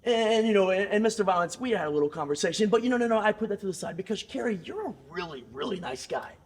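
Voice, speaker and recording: A man cutting a taunting wrestling promo, mocking and sing-song, dropping to a hush and then bursting into yells. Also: high-pitched, lively intonation, very fast. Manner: mocking, sing-song, swings from hushed to yelling.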